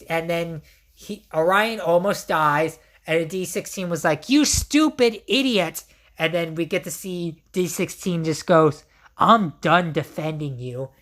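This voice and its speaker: A woman giving an enthusiastic, casual spoken movie review, often repeating herself and using fillers. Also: deep voice. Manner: enthusiastic, repetitive, frequent fillers.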